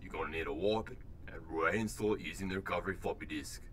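Game role: a sleazy Australian computer, deep voice, crude teasing. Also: male voice, fast talker, fairly bright tone, slight background noise. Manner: crude, teasing, slangy banter.

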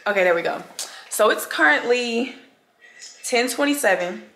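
A woman's voice: mid-range voice, sing-song, moderate pace, gravelly, long pauses, fairly bright tone, slight background noise. Woman, casual vlog chatter, talks straight to viewers, mid-range voice, recorded at home in her bedroom. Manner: chatty, addresses viewers as y'all. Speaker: vlogger. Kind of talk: casual vlog chat to camera.

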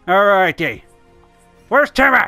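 A gamer giving excitable, sweary commentary over their own gameplay. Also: medium pitch, unhurried, gravelly, faint music behind. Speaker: let's play gamer.

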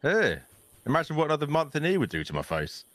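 A man's voice: fairly high pitch, wildly swooping pitch, a bit bright, dry recording. A man playing a chatty aging male prisoner with bad knees, bantering in a roleplay. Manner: fast, bantering, easily sidetracked. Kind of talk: in-character roleplay chat.

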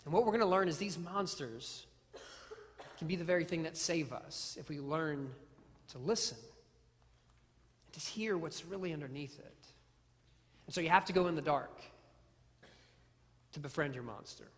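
Preacher in an echoing church. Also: male voice, on the high side, moderate pace, long pauses, a bit bright. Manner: earnest storytelling with self-deprecating humor; repeats phrases and restarts words. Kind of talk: sermon. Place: church sanctuary. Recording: long hall reverb.

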